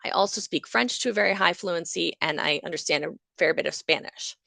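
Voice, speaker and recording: A lively woman lecturing, with a gravelly edge. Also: on the low side, fairly quick, dry recording. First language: English. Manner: lively explanatory, acting out examples. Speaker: psychology lecturer. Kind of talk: university lecture.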